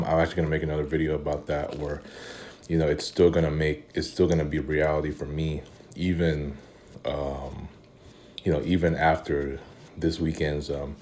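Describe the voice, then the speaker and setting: Very deep-voiced weary man vlogging. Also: darkish tone, a little hiss or hum. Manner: weary, rambling, many fillers and restarts; eating while talking. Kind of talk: casual vlog monologue.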